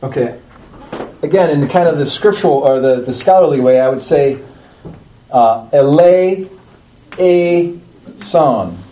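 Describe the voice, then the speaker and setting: Man giving a relaxed liturgy class. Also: mid-range voice, rough recording. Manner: conversational, checks in with listeners, drawn-out chanted demonstrations. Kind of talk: informal class talk.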